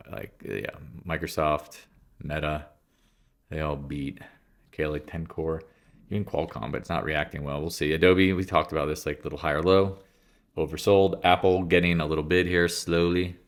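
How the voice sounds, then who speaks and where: Congested, low-voiced man rambling about markets. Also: a bit bright. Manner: rambling, self-interrupting, blunt and offhand. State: congested, clearing throat. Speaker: market commentator. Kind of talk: casual market commentary.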